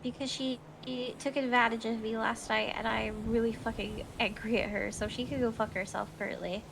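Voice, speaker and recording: Actress as a high-pitched young woman in a role-play game: scattered, rambling, quick to apologize, salty mouth. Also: steady tone, vocal fry, noisy background. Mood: angry. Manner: rambling, apologetic, swears a lot.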